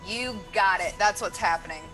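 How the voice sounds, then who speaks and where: A woman's voice: medium pitch, normal speed, over music. A woman playing a tabletop game, eager and chatty. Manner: eager, lively. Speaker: player. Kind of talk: casual tabletop play.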